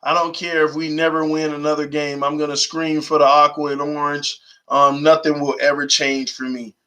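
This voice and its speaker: Young male live-stream sports host, high bright voice, slangy and animated. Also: normal speed. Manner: animated, slangy, reads chat aloud, urges viewers.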